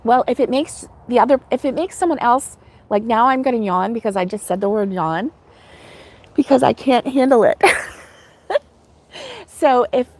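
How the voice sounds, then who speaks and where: A middle-aged American woman with a bright, chatty and giggly manner, hosting a casual livestream and talking back to viewer comments. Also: a little high. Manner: chatty and giggly, laughs often. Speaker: host of a crochet livestream.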